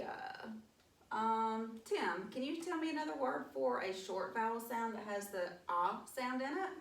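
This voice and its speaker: A woman teaching a phonics lesson, sounding out letters in a slow, encouraging way. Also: fairly high pitch, gravelly. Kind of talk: mock phonics lesson to an imagined class. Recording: echoey room, voice from a distance.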